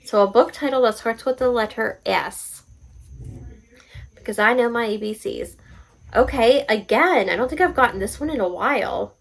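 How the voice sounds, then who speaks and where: A young woman hosting a casual book vlog, bubbly and excitable, often laughing at herself. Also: on the high side, normal speed, gravelly, low-quality recording. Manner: bubbly, excitable, self-mocking. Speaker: booktube host.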